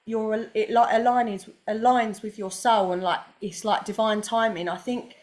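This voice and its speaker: A woman's voice: mid-range voice, steady tone, moderate pace, a little mellow. A young woman, a podcast guest speaking enthusiastically in casual chat with many fillers. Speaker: guest, massage therapist.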